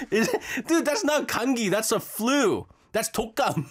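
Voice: medium pitch, big pitch swings, quick pace, slightly rough. A radio host in casual chat, teasing a co-host and laughing often.

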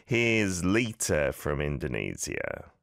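A man's voice: extremely low pitch, wildly swooping pitch, slow, creaky, fairly bright tone, no echo, studio quality. A man hosting a radio show, teaching listeners Korean phrases in a chatty, friendly way and laughing along with their clips.

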